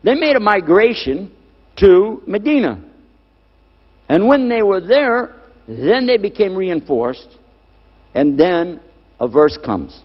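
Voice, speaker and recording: Guy with a pretty high voice lecturing a crowd on religion, keeps asking "yes or no", sounds dull and lo-fi. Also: sing-song, slow, pauses often. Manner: rhetorical questions to the audience, emphatic repetition. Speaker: lecturer on Islam. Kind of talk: religious lecture to a live audience. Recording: dull lo-fi recording in a reverberant hall.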